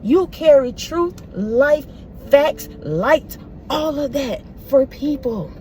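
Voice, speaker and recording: A woman with a fairly high, mellow voice gives a spiritual reading straight to her viewers. She preaches emphatically in loose, slangy phrasing, circling back over her points and calling the listener "baby" again and again. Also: lively intonation, slow, slight background noise. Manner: casual, repetitive, slangy phrasing. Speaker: spiritual reader.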